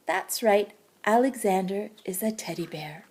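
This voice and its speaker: Gentle, breathy woman reading to children. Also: mid-range voice, expressive, measured pace. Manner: gentle, warm-toned teacherly narration. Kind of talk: read-aloud storytelling for children.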